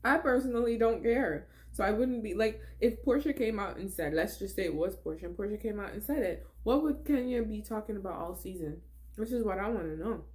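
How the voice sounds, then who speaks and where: A woman's voice: medium pitch, fairly quick, a little mellow. A young woman giving blunt, exasperated commentary on a reality TV episode, laughing often as she reacts. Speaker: reality TV recap vlogger.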